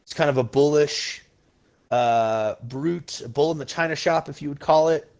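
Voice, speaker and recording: A man's voice: on the high side, normal speed, a little mellow. Blunt, profane male podcast host. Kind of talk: casual political rant.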